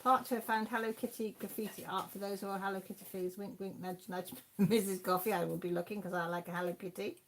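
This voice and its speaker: A woman's voice: medium pitch, steady tone, quick pace, hardly any pauses, a little hiss or hum. A Welsh woman in her fifties hosting a casual livestream chat, reading out viewers' comments and laughing often. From Wales. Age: 50s. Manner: chatty, laughs often, reads out names from the chat. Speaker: livestream host.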